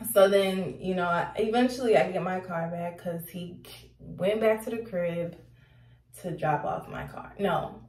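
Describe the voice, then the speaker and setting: A young woman telling a casual storytime, animated and slangy, laughing as she talks. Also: lowish voice, distant mic. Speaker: vlogger. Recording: roomy echo, off-mic.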